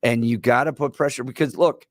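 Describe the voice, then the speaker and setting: A man in his forties co-hosting a talk radio show, telling stories in an animated way with laughs. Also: medium pitch, fairly quick, no echo, clean studio sound. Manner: animated storyteller, laughs while telling anecdotes. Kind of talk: casual talk radio banter. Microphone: studio microphone.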